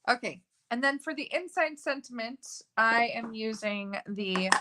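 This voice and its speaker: A woman's voice: fairly high pitch, moderate pace, creaky, few pauses, pushed and bright. A woman hosting a live card-making tutorial, chatty and gushing, with frequent fillers. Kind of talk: live crafting tutorial chat.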